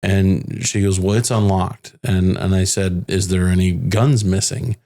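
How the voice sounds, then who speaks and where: A bereaved father, a podcast guest, recounting a hard personal story in a halting way with many restarts. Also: low voice, steady tone, creaky, dark tone. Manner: halting, restarts often, quotes others' words. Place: home in the Phoenix area.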